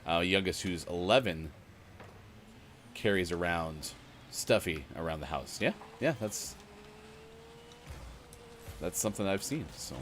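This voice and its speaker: A man's voice: low-pitched, animated, measured pace, long pauses, a bit bright, slight background noise. A middle-aged man co-hosting a morning gaming show, rambling casually with lots of fillers and chuckles. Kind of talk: casual chat while gaming.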